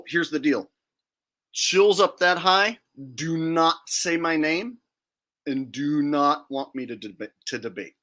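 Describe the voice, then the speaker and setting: A man's voice: on the high side, slow, pushed and bright. A man hosting a livestream, talking in a blunt, defiant and profane way. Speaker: livestream host. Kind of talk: casual livestream rant.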